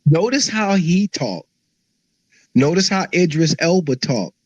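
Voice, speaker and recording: A man's voice: fairly high pitch, animated, slow pace, darkish tone, no room sound. A man arguing in a heated live audio-room debate, mocking the others. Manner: argumentative, mocking. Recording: dull dry lo-fi audio.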